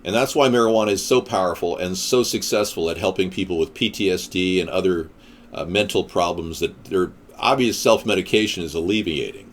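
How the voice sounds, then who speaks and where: A man's voice: low voice, a little fast. A man delivering a ranting political monologue in a combative, sarcastic manner. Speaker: political commentator.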